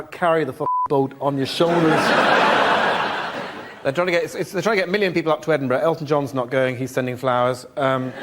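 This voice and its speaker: A man comedian telling deadpan jokes on a panel show, with small hesitations. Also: mid-range voice, heavy background noise. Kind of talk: stand-up style joke delivery.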